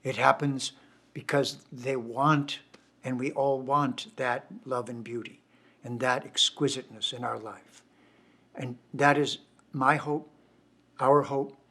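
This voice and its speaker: A man's voice: mid-range voice, steady tone, slow pace, pushed and bright. An older man, a poet, giving reflective, devotional closing remarks at a poetry night.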